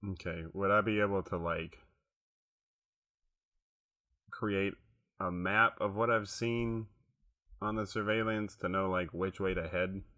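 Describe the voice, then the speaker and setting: A man's voice: low voice, fairly even intonation, normal speed, sharp tone. A man playing in a tabletop game, asking tentative questions. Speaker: player.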